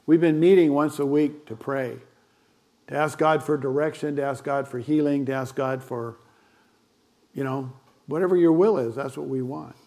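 An older male pastor preaching in a loose, conversational way, dropping in fillers and little asides. His voice sits a touch higher than most men's. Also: normal speed, a little mellow. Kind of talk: sermon.

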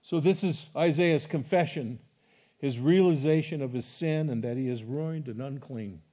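Here a middle-aged man preaches as a pastor, his voice a little high and his pace moderate. Between passages he talks casually with the congregation, then reads scripture with growing emphasis, getting loud and animated on each quote.

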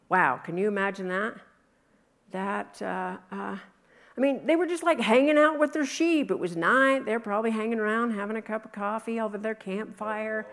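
A woman's voice: mid-range voice, moderate pace. A middle-aged woman preaching a Christmas sermon, reading scripture aloud and dramatically acting out people's reactions. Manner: animated, dramatic, acts out reactions.

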